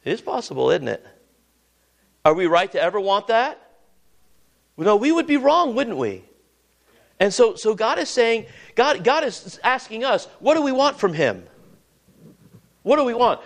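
Man preaching, high voice, restarts and repeats, questions to the congregation. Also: big pitch swings, a little slow. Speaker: pastor. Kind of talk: sermon.

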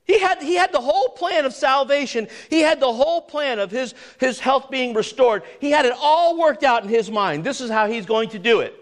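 A man preaching a sermon as pastor, pressing the congregation with emphatic rhetorical questions. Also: very high voice.

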